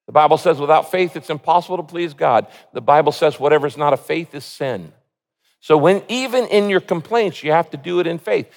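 A man with a fairly high voice delivers an earnest sermon, reading prayers and scripture with swelling emphasis. His voice carries a long reverb, as if filling a large church hall. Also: brisk, gravelly. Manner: earnest preaching, reads scripture with rising emotional emphasis. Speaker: pastor.

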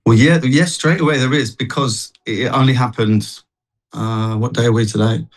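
A man's voice: mid-range voice, fairly even intonation, moderate pace, poor audio. A man, a guest on a TV chat show, telling a personal faith story in an earnest, rambling way with many restarts. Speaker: guest, street worship singer.

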